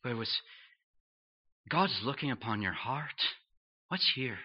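A man preaching a sermon in an earnest, questioning way, pausing between phrases. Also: medium pitch, animated, husky. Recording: dull lo-fi sound.

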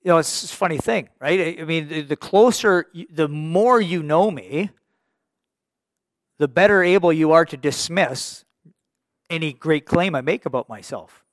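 A man preaching a sermon, his voice a little high for a man and recorded dry and close. He speaks earnestly and haltingly, with many restarts, and builds to emphatic rhetorical questions. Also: no echo.

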